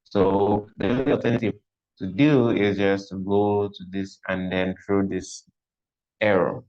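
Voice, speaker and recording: A man's voice: sits low, fairly even intonation, unhurried. A man teaching a live coding class online, thinking aloud as he works and often repeating himself. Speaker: coding instructor. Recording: dull lo-fi audio.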